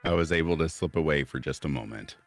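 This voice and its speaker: A man co-hosting a casual horror podcast chat, friendly and upbeat, quick to laugh. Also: a bass voice, dry recording, soft background music. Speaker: co-host.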